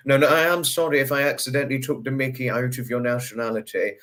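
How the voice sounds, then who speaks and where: A man hosts a relaxed livestream, talking through viewer comments in a chatty, rambling way. His voice sits at an ordinary middle pitch but jumps up high whenever he greets someone. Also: fast. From United Kingdom. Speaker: livestream host. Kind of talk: casual livestream chat, reading out viewer comments.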